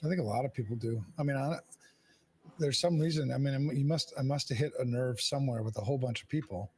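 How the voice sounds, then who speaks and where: A man's voice: mid-range voice, fast, darkish tone, a little hiss or hum. A man hosting a podcast, talking frankly and casually, swearing often and restarting his sentences. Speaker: podcast host. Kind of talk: candid casual conversation.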